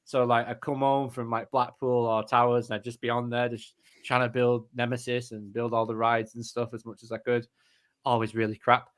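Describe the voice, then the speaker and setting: A man's voice: medium pitch, level tone, moderate pace. A man from England, a podcast co-host, telling stories in casual chat with plenty of slang and frequent laughter. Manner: chatty storyteller, slangy, laughs often.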